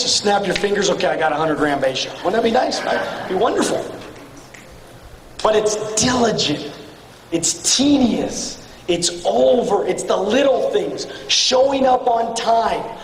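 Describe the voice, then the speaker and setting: A man giving a blunt, profane motivational speech to a room of salespeople, swinging between shouting and low, intense tones. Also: slight background noise. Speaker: motivational speaker at a sales retreat. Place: large hall with an audience. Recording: echoey hall from far off with faint ambience.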